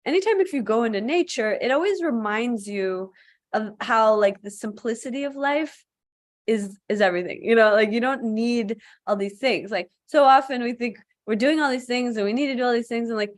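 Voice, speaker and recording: A woman's voice: on the high side, moderate pace. A woman yoga teacher hosting a casual live-stream chat, talking in a loose, chatty way with lots of filler "like", heard over a video call.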